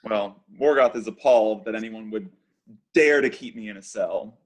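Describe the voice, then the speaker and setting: A man's voice: fairly low pitch, moderate pace. Man narrating his character in a game. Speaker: player.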